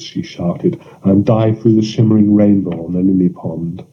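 A man narrating surreal fiction in a measured, deliberate audiobook reading. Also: deep voice, steady tone, slight background noise. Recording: dull lo-fi recording.

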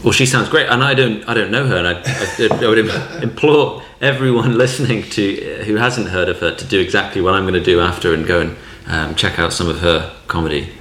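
A man's voice: fairly low pitch, brisk, few pauses, a bit bright, echoey room, a little hiss or hum. A man hosting a podcast, chatting casually and hesitantly, searching for words. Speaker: podcast host.

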